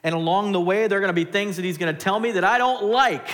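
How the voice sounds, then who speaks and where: A man preaching a sermon as pastor, animated, swinging between loud and hushed. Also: sits high, quick pace. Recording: long hall reverb.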